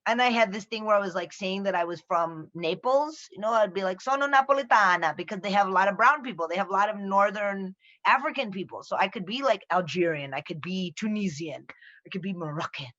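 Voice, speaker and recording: Lively American woman telling stories. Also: mid-range voice, fairly quick, lo-fi sound. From American Midwest. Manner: animated storyteller, acts out quoted voices. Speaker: podcast guest. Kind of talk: casual chat.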